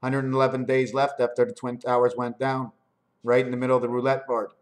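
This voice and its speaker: A man in a rambling monologue, riffing on words and spelling out letters in an animated, sing-song way. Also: mid-range voice, quick pace. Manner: free-associating wordplay, spelling out letters.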